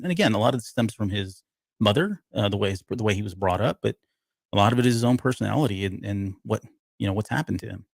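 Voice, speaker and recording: A man's voice: on the low side, dry recording. A man co-hosting a casual live podcast, rambling and often stopping to hunt for a word he has forgotten. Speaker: podcast co-host. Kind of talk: casual live TV-show breakdown chat.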